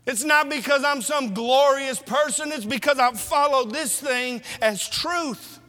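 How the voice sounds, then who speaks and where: A man's voice: very high-pitched, measured pace, bright, forceful tone. A man preaching a sermon, exhorting his congregation with rhetorical questions. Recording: long hall reverb.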